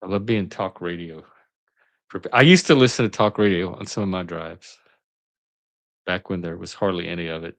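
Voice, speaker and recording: A man's voice: sits low, normal speed, long pauses, fairly bright tone. A man hosting a casual online talk panel, easygoing and laughing often. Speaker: former teacher. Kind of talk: casual talk-show chat.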